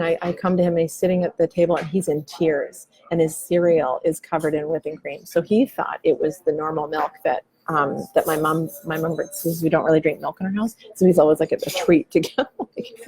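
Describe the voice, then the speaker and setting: A woman's voice: low-pitched, steady tone, normal speed, dark tone, low-quality recording. A woman in her forties talking candidly in a coffee shop, musing loosely and swearing casually as a podcast host. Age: 40s. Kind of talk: candid reflective chat.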